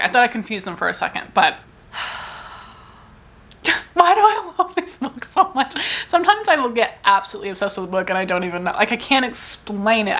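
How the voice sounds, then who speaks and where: A woman's voice: medium pitch, fairly bright tone. A woman book vlogger in a casual, rambling, self-deprecating chat, talking about her reading.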